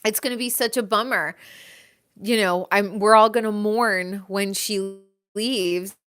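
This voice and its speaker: A woman's voice: mid-range voice, fairly even intonation, unhurried, a bit bright, clean tone. A woman hosting a casual chat about reality TV, gushing and chatty, often laughing. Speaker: host.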